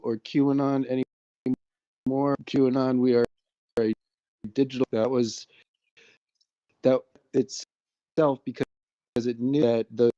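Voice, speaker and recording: Slow, halting man on a muffled line. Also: mid-range voice, mellow, no echo. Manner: halting, fragmented speech. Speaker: guest. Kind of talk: casual conversation. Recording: muffled, dropping internet audio.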